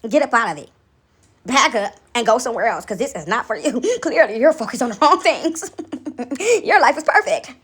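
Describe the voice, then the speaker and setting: A woman with a high voice rambles quickly through a casual spiritual chat with her viewers. She is animated and laughs often, slipping into little acted voices as she goes. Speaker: vlogger.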